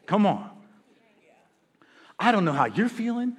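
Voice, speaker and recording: A man preaching a sermon as pastor, energetic and joking with his congregation. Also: sits high, unhurried, breathy edge. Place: church sanctuary. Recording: reverberant church hall.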